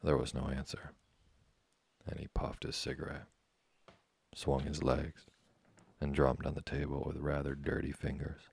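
A man reading a classic novel aloud as a sleep story, in a slow, hushed, even voice. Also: very deep voice, creaky, slightly rough.

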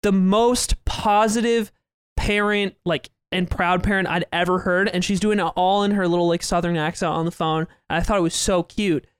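A man's voice: high voice, steady tone, moderate pace, smooth, no room sound, studio quality. A young man co-hosting a podcast, telling a story earnestly in casual chat with lots of fillers. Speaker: podcast co-host.

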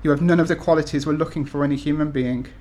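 A man's voice: fairly high pitch, steady tone, racing, a little mellow. A man in his thirties from the UK, an author talking to an event audience with many ums and restarts, then reading his essays aloud. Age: 30s.

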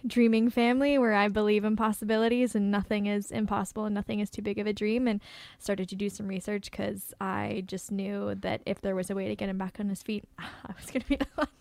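A woman's voice: mid-range voice, level tone, fairly quick, vocal fry, a little mellow, dry recording. A woman from Canada, a singer, chats candidly as a podcast guest, her voice in a middle register. She laughs easily and talks freely, and the recording is dry and close with no room sound. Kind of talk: casual interview chat.

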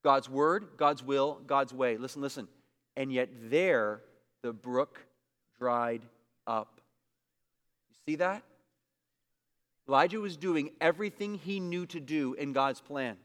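A man preaches a sermon in a church, his voice sitting a touch high for a man. He repeats key phrases for emphasis and swings between loud, rising bursts and quiet, low asides. The sound carries the long reverb of a big sanctuary. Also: slow pace. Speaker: pastor.

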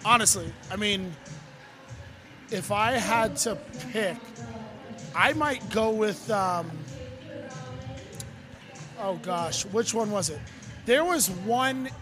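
An excitable man with a high voice talks sports in a loose, hyped-up chat. He jumps in over the others and gets loud when a story grabs him. Music plays clearly behind him. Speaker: sports podcast co-host.

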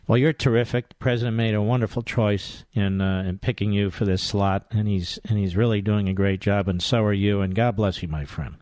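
A man's voice: fairly low pitch, fairly even intonation, a little mellow, dry recording, studio quality. A man hosting a talk radio show, scornful, indignant and combative in his commentary. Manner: indignant, scornful, rapid-fire.

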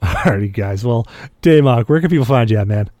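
Guy hosting a podcast, rambly funny stories, mid pitch, dry close mic. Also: fairly quick, dry recording. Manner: rambling, animated anecdotes. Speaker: podcast host. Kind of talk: casual storytelling chat.

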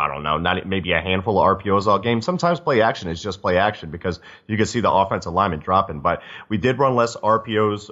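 A man with a very low voice breaks down a football game on a casual podcast. He talks in quick, rambling runs of analysis, and his audio sounds dull and lo-fi. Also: a bit bright. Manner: fast, analytical, many restarts. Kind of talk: casual sports chat.

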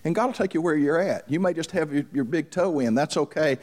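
A male pastor preaching a fervent sermon, repeating himself and building up loud as he tells stories. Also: a little high, fairly quick. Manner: fervent, builds up loud while telling a story; repeats himself and restarts for emphasis.

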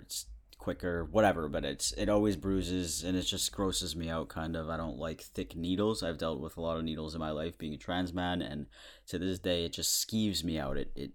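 A young man in his twenties hosting a podcast, rambling through a casual comedic monologue and chuckling often. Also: sits low. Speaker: podcast host.

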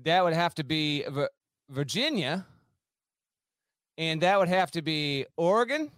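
A man's voice: on the high side, animated, measured pace, fairly bright tone, clean tone, no echo, studio quality. A man playing a folksy coach with a put-on Southern drawl and homespun sayings. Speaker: podcast co-host.

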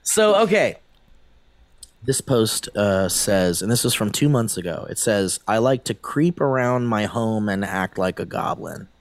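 A man co-hosting a casual comedy podcast, who laughs often and reads an online post aloud in an animated way. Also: a little slow, no room sound. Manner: animated, laughs often, pitch swings widely. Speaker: podcast co-host.

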